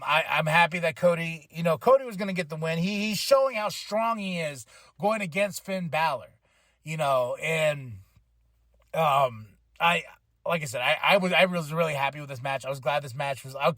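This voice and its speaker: Man, podcast host, high voice, dry, casual rambling recap. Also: normal speed, no echo. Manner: rambling, animated, acts out quotes.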